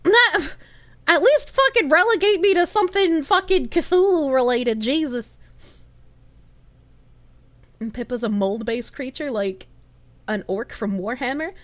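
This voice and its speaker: A woman streamer chatting casually and reading viewer comments aloud, giggly and animated, swearing freely. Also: high-pitched, measured pace, pauses often. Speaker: live streamer.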